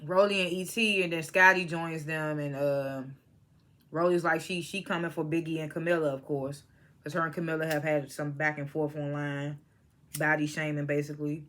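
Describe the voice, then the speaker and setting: A young adult vlogger reviews a reality show reunion in loose, blunt commentary, full of swearing and side-tracks. The voice sits at a middling pitch with a bright, sharp edge. The talk wanders, restarts and circles back on its points. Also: level tone, normal speed. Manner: blunt, opinionated, profane; rambling with restarts and asides. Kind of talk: casual vlog commentary.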